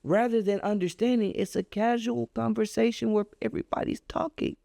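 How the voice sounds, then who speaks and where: A man telling a personal story on a podcast, animated and emphatic in a casual, colloquial way. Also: a little fast, vocal fry, dry recording, studio quality. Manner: animated, emphatic storyteller with a wide pitch swing; casual and colloquial, reflective when making his point.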